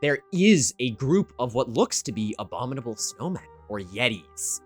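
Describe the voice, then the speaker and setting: A man narrating a tabletop game as game master, his pitch sitting right in the middle of the range. He talks loosely and hesitantly, filling gaps with ums. Soft music plays faintly behind him. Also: big pitch swings, normal speed. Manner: casual, hesitant, many ums.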